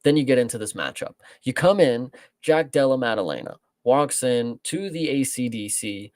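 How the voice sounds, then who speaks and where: A man's voice: medium pitch, expressive, normal speed, darkish tone, no room sound. A man co-hosting a casual sports podcast, talking bluntly and rambling with plenty of swearing. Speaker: podcast co-host.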